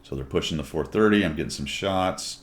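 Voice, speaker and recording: A man's voice: deep voice, fairly quick. A man commenting on his own tank gameplay in a chatty, wry way, with jokey asides to viewers.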